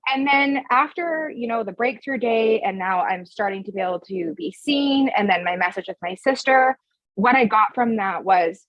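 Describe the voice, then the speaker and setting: A woman with a husky, slightly raised voice talks as a podcast guest, frank and emphatic and cursing without a second thought. The sound is dry and a little dull, as from a modest lo-fi recording. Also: a little high, moderate pace, no room sound. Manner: frank and emphatic, swears freely. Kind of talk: casual podcast conversation.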